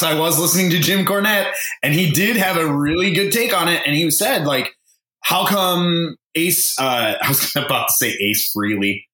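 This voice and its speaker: A man's voice: mid-range voice, sharp tone, reverberant. A man co-hosting a casual podcast chat, stumbling over names, laughing at himself and swearing freely. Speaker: podcast co-host.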